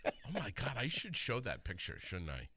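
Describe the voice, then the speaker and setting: Excitable man with a bright, swooping voice. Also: medium pitch, moderate pace, a little hiss or hum. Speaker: podcast co-host. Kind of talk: casual chat.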